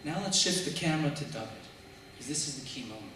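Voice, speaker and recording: A man preaching a sermon as a rabbi, telling stories and posing rhetorical questions with measured emphasis. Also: a little high, lively intonation, noisy background. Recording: echoey hall, mic far off.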